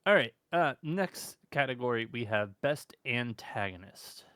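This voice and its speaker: A man with a mid-range voice co-hosting an anime podcast, eager and quick to swear for emphasis. His voice is dry and close to the mic. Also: mid-range voice, lively intonation, a bit bright, clear, resonant tone, dry recording. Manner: enthusiastic, swears casually. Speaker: podcast co-host. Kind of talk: casual chat.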